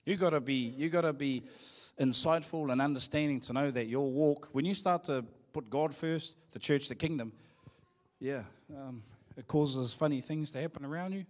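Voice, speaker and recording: A man's voice: a little high, moderate pace. A middle-aged man with a New Zealand accent preaching a sermon in a church, joking and calling out to the congregation. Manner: joking, playful preaching with call-and-response. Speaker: pastor.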